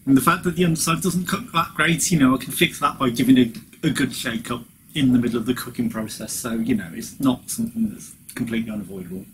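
Casual male vlogger, mid pitch, rambling review chatter, noisy home recording. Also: quick pace, a bit bright. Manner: rambling, chatty, frequent "you know" fillers; chewing while talking at times. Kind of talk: casual product review vlog.

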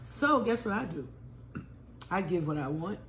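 A woman's voice: fairly low pitch, measured pace. A middle-aged mother chatting at home, blunt and unfiltered, cursing as she talks. Her voice swings widely up and down, and the room gives it a roomy echo with faint noise behind. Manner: candid, blunt, swears freely, animated. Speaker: mother of the host, guest. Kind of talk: casual family chat over a meal.

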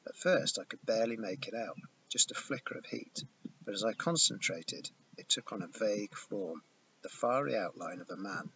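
A man reading a first-person novel aloud in a steady storytelling manner. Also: lowish voice, moderate pace. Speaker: audiobook reader. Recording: dull lo-fi with hiss.

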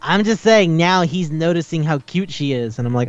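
A man's voice: a little high, expressive, normal speed, no room sound, lo-fi sound. A man co-hosting a podcast who chats casually, recaps stories with energy, acts out quotes and swears freely. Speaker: podcast co-host. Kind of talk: casual chat.

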